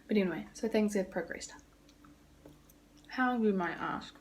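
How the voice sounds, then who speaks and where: A woman's voice: mid-range voice, unhurried, slight background noise. A young woman from New Zealand with a New Zealand accent, rambling casually and swearing now and then in a vlog recorded in a small rented apartment. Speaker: vlogger.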